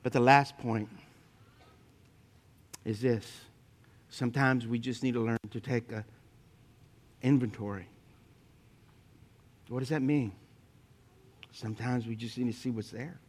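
A man preaching a sermon, telling humorous personal stories to his congregation and swinging between loud emphatic points and quiet asides. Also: medium pitch, unhurried, pauses often. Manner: lively storytelling with humor, speaking to the congregation. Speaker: pastor.

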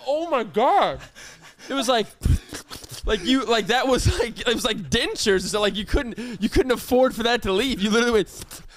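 A young man in casual chat as podcast co-host, fast and teasing. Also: extremely high pitch, lively intonation, a bit bright, no room sound.

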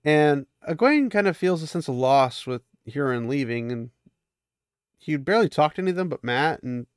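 A man's voice: a little high, animated, moderate pace, smooth, no echo, studio quality. A man casually recapping a fantasy novel, chatty and amused, lightly voicing the characters as he goes. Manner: chatty, laughs at the story, voices characters lightly. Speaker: book recap host.

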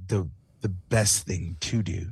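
A man's voice: sits low, steady tone, slow pace, vocal fry, slightly rough, dry recording, studio quality. A man co-hosting a podcast in casual comedic chat, jokey and hamming up a theatrical posh accent. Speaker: podcast co-host.

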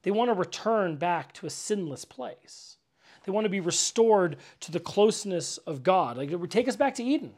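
A man's voice: high voice, expressive, moderate pace, a little mellow. A man giving a casual sermon as pastor, conversational and full of "like" fillers, stressing words with repetition. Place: church gathering.

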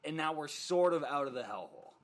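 A man's voice: a little high, expressive, fast, slight background noise. A young man in casual podcast chat, telling a story with lots of fillers and swearing. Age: young adult. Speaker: podcast co-host.

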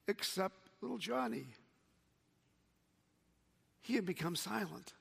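A man preaching a sermon as pastor, slow and measured, quoting scripture. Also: high voice, expressive, creaky, a bit bright, breathy edge, long reverb tail.

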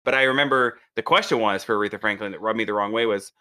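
Fast, bright-voiced man chatting. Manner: animated storyteller, jumps in pitch when quoting people. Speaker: podcast co-host. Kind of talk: casual chat.

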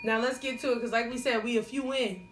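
A woman's voice: a little high, steady tone, fast talker. A woman co-hosting a casual podcast, chatting loosely and laughing often. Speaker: podcast co-host. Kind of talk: casual chat. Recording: echoey room with noise.

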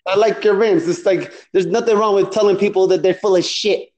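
A man's voice: high-pitched, fairly even intonation, brisk, darkish tone, lightly acted. A man playing a brash, short-tempered Jersey Italian guy on a comedic phone call, crude and rambling with lots of "you know". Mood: swaggering. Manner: boastful, crude, rambling with fillers.

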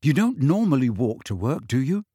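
A man's voice: medium pitch, sing-song, normal speed, warm tone, slightly rough, no echo, studio quality. A man reading an audiobook voices a nervous, subdued teenage boy who speaks tersely.

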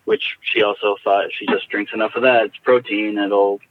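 A man recounting a personal story in a halting, reflective way, heard over a tinny phone line. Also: fairly low pitch, flat delivery. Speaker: guest.

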